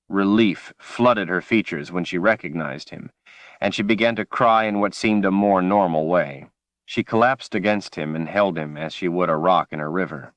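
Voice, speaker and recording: Male audiobook narrator, very low voice, measured and dramatic, dry close recording. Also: a bit bright, no room sound.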